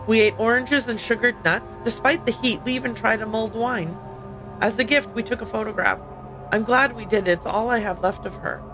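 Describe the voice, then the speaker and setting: A woman's voice: on the high side, moderate pace, music in the background, close to an everyday voice, rough recording. A woman reading a young freed woman's game dialogue aloud in her own plain, upbeat tone. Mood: sorrowful. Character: young woman, freed slave, grieving and adrift.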